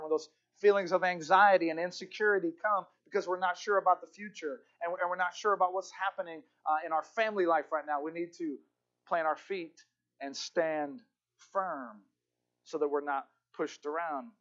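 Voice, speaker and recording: A man preaching a sermon as pastor, fervent, repeating key phrases and slowing down to stress them. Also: a little high, fairly even intonation, fairly bright tone, dull audio.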